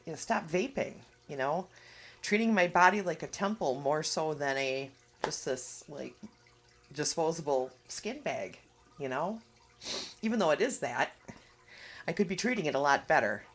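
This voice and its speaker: Low-voiced tearful woman reading cards. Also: animated, moderate pace. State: tearful, emotional. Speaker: oracle card reader. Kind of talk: casual card reading vlog.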